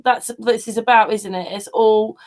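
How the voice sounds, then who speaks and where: A woman's voice: fairly high pitch, fairly even intonation, moderate pace. A woman chatting casually in a group video call, talking over the others and laughing at the banter. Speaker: panelist.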